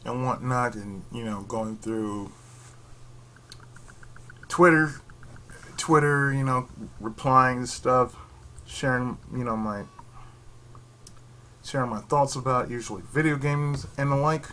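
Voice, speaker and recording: A man ranting in a casual vlog from his bedroom, rambling and sarcastic, who keeps slipping into mocking high voices and laughing. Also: takes it slowly, long pauses, pushed and bright, a little hiss or hum. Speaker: YouTube channel host. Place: his own bedroom setup.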